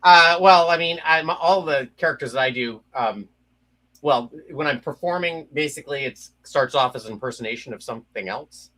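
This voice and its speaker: Man, puppeteer guest, bright tone, casual chat, quick impressions. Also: a little high, rough recording.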